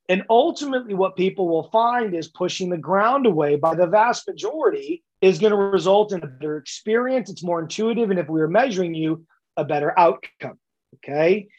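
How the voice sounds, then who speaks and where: A man's voice: high voice, darkish tone. A man as a podcast guest, explaining coaching ideas in an emphatic, lecture-like way and repeating words for stress. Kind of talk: explanatory interview talk.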